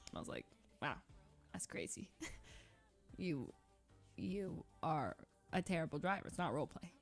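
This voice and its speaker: Her voice sits on the low side with a fairly bright tone. A young streamer, she chats casually through a rambling story full of restarts, frequent "like"s, and lots of laughter.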